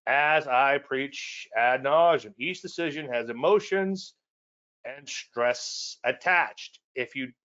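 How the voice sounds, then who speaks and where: A man's voice: mid-range voice, slow pace, fairly bright tone. Chatty male trading teacher, slightly muffled. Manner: conversational and rambling, with self-deprecating asides and repeated points. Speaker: trading educator and show host. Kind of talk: casual teaching on a weekly market show.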